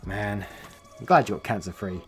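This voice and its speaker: A man reading online stories aloud, acting out the angry quotes with big jumps in pitch, and chuckling through his own casual comments in between. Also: fairly quick. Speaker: reddit story narrator. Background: faint background music.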